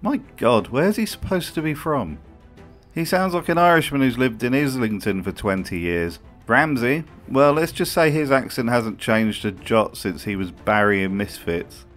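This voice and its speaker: A man's voice: medium pitch, animated, moderate pace, soft background music. A man giving scripted commentary for a video, sarcastic and profane in his remarks.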